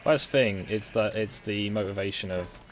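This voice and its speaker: A young man with a very low voice plays a game with a friend, muttering relaxed remarks to himself. A faint hiss sits under his voice. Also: brisk. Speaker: let's play co-host. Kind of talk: casual gaming chat.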